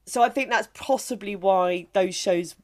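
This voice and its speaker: A woman comedian, a guest on a podcast, talking in a casual, emphatic and animated way. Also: medium pitch, unhurried. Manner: emphatic, animated storytelling with laughs.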